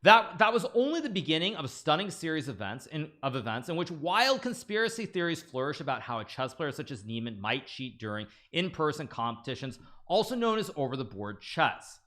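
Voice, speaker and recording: Reading a news story to his live-stream viewers, this man speaks a little fast in a higher-pitched voice, with few pauses. His casual, animated commentary is full of stammers, restarts and amused asides.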